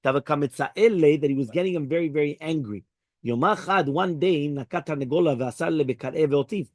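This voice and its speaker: A man's voice: a little fast, a little mellow, no room sound. A man teaching a daily Talmud class, mixing Hebrew and Aramaic phrases into his English explanation and acting out the dialogue. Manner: acts out dialogue with raised pitch. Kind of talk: Daf Yomi Talmud class.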